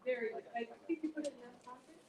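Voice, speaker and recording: A woman in her thirties hosting a comedy show, telling stories in animated bursts with laughs. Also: high voice, fast talker, echoey room, recorded from a distance, very noisy. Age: 30s. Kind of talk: stand-up comedy.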